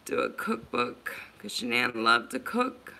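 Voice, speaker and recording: Slow, gravelly-voiced woman livestreaming. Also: extremely low pitch, very animated, sharp tone. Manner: earnest, emotional, repeats herself. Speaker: livestream host. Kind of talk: emotional livestream chat with viewers.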